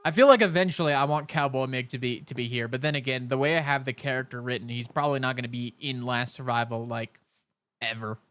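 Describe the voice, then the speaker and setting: A young man from California streaming a game, chatting in a rambling way and talking with a soft put-on Southern cowboy drawl. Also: mid-range voice, fast talker. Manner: rambling, chatty, self-interrupting. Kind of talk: casual live-stream chat while gaming.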